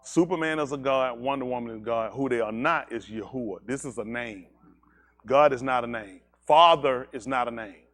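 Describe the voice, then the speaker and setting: A man's voice: medium pitch, normal speed, a bit bright. A man leading a congregation in an emphatic teaching sermon, firing rhetorical questions at the room. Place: synagogue service.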